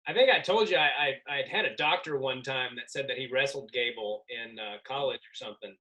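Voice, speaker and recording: A man's voice: mid-range voice, fast talker, bright, forceful tone. A man hosting a casual podcast interview, asking curious questions. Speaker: podcast host.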